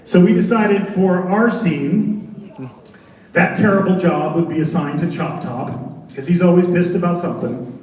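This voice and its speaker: High-voiced man presenting in an echoing hall. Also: a little slow. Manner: animated, joking storyteller. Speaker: haunted attraction designer on a panel. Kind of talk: convention panel presentation. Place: large convention center hall. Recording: echoey convention hall from far off.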